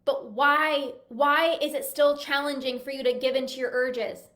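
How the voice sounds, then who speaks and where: Speaking straight to her viewers, this woman, a binge eating coach, has a high-pitched, somewhat bright voice with a steady tone at normal speed. Her pitch is enthusiastic and emphatic, and now and then she voices her clients' worries.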